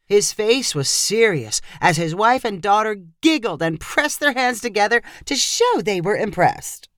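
A woman reads a story aloud with a lively, expressive voice that moves up and down freely. The sound is dry and close, with no room echo. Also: medium pitch, a little slow. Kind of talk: scripted story narration.

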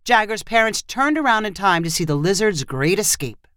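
A woman narrating a short story with an expressive, lively reading style. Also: medium pitch, moderate pace, dry recording, studio quality.

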